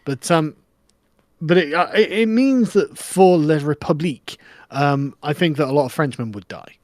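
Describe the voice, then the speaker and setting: English man, guest in a casual stream chat, stammers and restarts, chuckles a lot, fairly high voice, dry close mic. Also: expressive, moderate pace, a little mellow, no room sound. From England.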